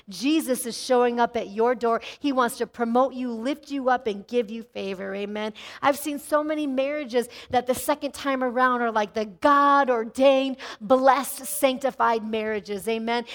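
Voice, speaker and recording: Woman pastor, middle-aged, animated sermon, fairly high voice, amen calls. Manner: animated preaching, often calling "amen".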